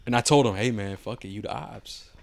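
ممثل شاب يقدّم بودكاست يتحدث بعفوية ويحكي القصص بأسلوب مسترسل، بلغة عامية مليئة بالشتائم. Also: male voice, on the low side, a little fast, creaky, no echo. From Mexican-American. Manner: loose, rambling storytelling with heavy slang and swearing. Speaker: podcast co-host. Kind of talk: casual podcast chat.

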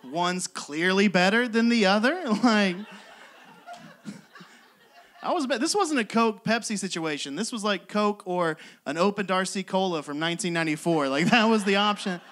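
Bright, high-voiced stand-up comedian. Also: male voice, animated, normal speed. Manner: exasperated, self-mocking storytelling with frequent laughs. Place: comedy club stage with live audience.

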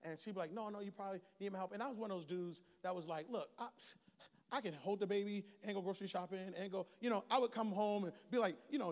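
A middle-aged man preaching a sermon as pastor, swinging from shouted calls to storytelling. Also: sits high, fast talker. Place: large church hall. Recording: long hall reverb.

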